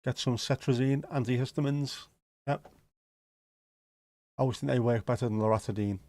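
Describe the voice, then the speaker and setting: A man's voice: mid-range voice, fairly even intonation, fairly quick, warm tone, dry recording. Rambling, jokey Scouse man on a livestream. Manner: rambling and jokey, swears casually. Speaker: livestream host. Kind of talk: casual livestream chat, answering viewer comments.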